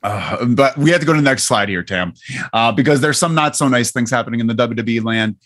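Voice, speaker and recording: A man's voice: medium pitch, quick pace, fairly bright tone, no echo. A young man co-hosting a casual podcast, reading listener comments aloud and laughing often. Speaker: podcast co-host. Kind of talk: casual chat.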